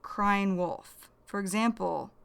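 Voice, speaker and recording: A woman's voice: mid-range voice, takes it slowly, creaky, clean tone. A young woman teaching English vocabulary, repeating each phrase and defining it in plain words. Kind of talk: slow vocabulary lesson.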